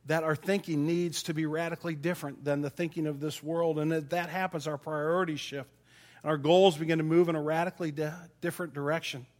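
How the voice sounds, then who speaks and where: High-voiced pastor preaching. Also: male voice. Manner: folksy storytelling with self-deprecating humor. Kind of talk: sermon.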